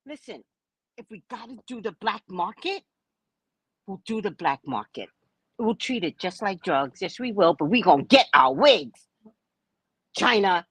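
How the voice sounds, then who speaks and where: A woman's voice: on the low side, normal speed, husky, no room sound. A woman, a psychic reader, ranting casually to camera in a blunt, profane way, exclaiming and laughing often. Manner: animated and exclamatory, laughing often between remarks; blunt and profane, asides to the viewer. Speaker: psychic reader and spiritual adviser. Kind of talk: casual opinion rant to camera.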